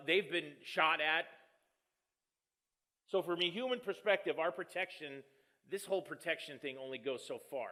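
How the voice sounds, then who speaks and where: Bright-voiced joking pastor. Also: male voice, on the high side. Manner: joking, storytelling, self-deprecating. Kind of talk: conversational sermon.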